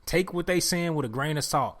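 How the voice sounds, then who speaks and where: A man's voice: on the high side, brisk, a bit bright. A man hosting his own podcast, talking alone in casual slang and preaching to his listeners, repeating his points for emphasis. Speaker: podcast host. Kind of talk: solo podcast monologue.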